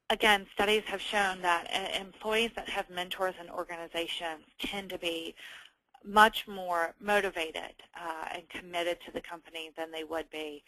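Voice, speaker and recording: A woman in human resources talks through a webinar in a loose, conversational way. Her voice is bright and clear, recorded dry and close. She fills her pauses with ums and often restarts a phrase. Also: fairly low pitch, no echo, poor audio. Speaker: HR manager presenting a webinar.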